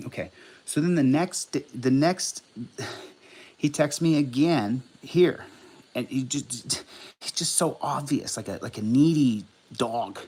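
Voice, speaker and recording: A man hosting a casual livestream, talking at an everyday pitch for a man. His delivery is combative and profane, and it swings from loud bursts down to quiet mutters. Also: slow pace, husky. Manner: swings between loud outbursts and low mutters. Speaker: livestream host. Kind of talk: casual livestream commentary reading out texts.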